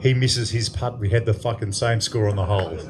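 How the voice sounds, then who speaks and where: The recording is very noisy: an Australian man in his fifties, speaking fairly quickly in a fairly low voice, tells a crude, lively story to a crowd. He's the after-dinner guest speaker at a club function room.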